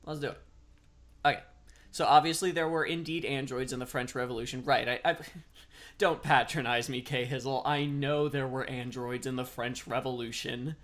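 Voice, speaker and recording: A man's voice: medium pitch, steady tone, normal speed, a bit bright. A man chatting casually as a streamer while playing a game, rambling and self-deprecating. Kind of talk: casual gameplay commentary.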